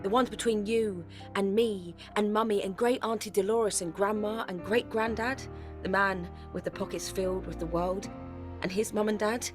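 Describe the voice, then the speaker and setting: A woman's voice: medium pitch, fairly even intonation, moderate pace, over music, natural voice. An actress playing a young daughter who narrates her search into her family's past in an audio drama. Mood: earnest. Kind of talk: present-tense dramatic narration.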